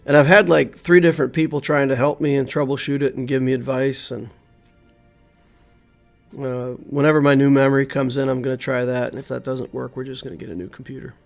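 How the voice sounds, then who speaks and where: A man's voice: mid-range voice, fairly even intonation, a little fast, creaky, faint music behind. A man streaming a video game, commenting live and thinking aloud as he plays, often muttering to himself.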